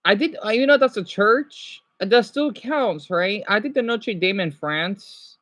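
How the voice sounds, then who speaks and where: A woman livestreaming casually, reading practice words aloud and chatting with her viewers, excitably exclaiming at surprises. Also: mid-range voice, measured pace, dry recording. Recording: dull lo-fi sound.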